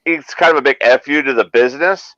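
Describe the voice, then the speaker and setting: A man's voice: medium pitch, a little fast, fairly bright tone, dry recording, muffled recording. An older man in casual podcast chat, rambling and restarting his thoughts.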